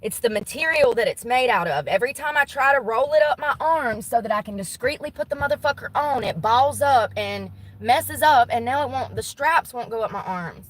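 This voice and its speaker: A woman's voice: on the high side, lively intonation, normal speed, hardly any pauses, poor audio. A woman vlogging from inside a car, ranting bluntly with lots of swearing. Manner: profane, blunt, exasperated ranting. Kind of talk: casual ranting vlog.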